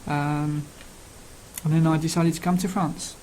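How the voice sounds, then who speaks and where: A man's voice: a little high, little pitch movement, a little slow, darkish tone, a little hiss or hum, low-quality recording. A man with a Cockney London accent introducing himself casually, rambling with many ums and uhs. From England. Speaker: language learning speaker.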